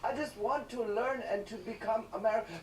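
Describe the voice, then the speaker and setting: Pleading teen boy as a man puts him on: high, meek, begging, heard from a distance in an echoey room. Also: a little fast, background noise, lightly acted. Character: pleading teenage boy inventor.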